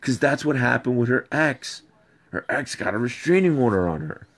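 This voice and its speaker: A man in a played clip tells a rambling personal story, animated and repetitive. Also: medium pitch, moderate pace. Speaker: video subject ranting about an ex.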